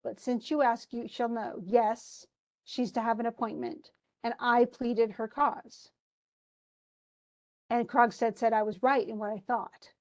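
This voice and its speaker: A literature teacher guides her class through a scene from a play, lecturing as she retells it. Her voice sits a little high, with fairly even intonation and a slightly slow pace. She reads the characters' quoted lines aloud, breaking off for asides and restarts between her explanations.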